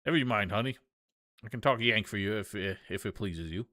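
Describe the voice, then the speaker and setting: A man voicing a pushy Southern woman photographer in a game, with a put-on drawl and a loud, folksy way of talking. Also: lowish voice, a little fast, dry recording, clean studio sound. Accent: put-on American Southern drawl. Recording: game music behind.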